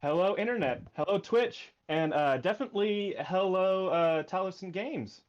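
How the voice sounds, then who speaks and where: A man's voice: sits high, lively intonation, normal speed. Hesitant male game master, lo-fi audio. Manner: hesitant, many uh fillers. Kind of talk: narrating a tabletop game stream.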